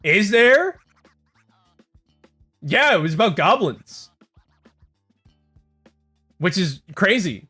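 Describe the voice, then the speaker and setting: A man livestreaming in casual chat, rambling and excitable, talking straight to his viewers and reading bits aloud. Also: high-pitched, slow pace, long pauses, breathy edge. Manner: rambling and excitable, heavy on "like" and "dude"; talks to chat, reads text aloud. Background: faint music.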